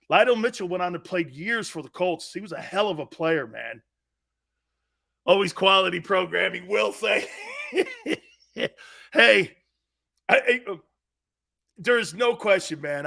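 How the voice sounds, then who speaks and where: A middle-aged man hosting a sports talk show, telling stories loudly and laughing often. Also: fairly high pitch. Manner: loud, laughing, impersonates family in quotes. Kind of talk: animated sports talk storytelling.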